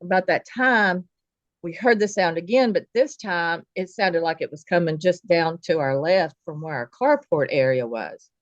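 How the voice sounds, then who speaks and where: Woman, low-ish voice, storyteller voicing family members, dry lo-fi mic. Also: normal speed, no room sound. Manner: vivid, folksy retelling with quoted dialogue. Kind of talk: personal story told casually.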